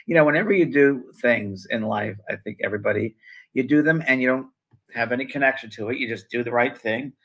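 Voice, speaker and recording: An older man chats loosely, circling back with many ums and restarts as he tells a story. His voice is gravelly with a husky edge, sitting at a middle pitch for a man. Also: brisk, a bit bright, rough recording. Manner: rambling, with many fillers and restarts. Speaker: co-host, spiritual medium. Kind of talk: casual conversational storytelling.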